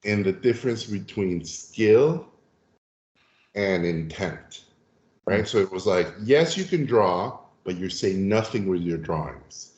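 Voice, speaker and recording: A man with a low voice tells stories as a podcast guest, lively and animated, slipping into the voices of the people he describes. The sound is roomy and dull, like a lo-fi recording. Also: takes it slowly. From Mexico. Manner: lively storyteller who acts out voices. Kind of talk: animated anecdotal storytelling.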